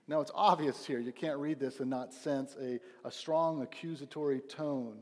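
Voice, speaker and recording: A man's voice: medium pitch, measured pace, a little mellow, long reverb tail. A young man preaching a sermon at his church, earnest and emphatic, often restarting his phrases. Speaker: pastor.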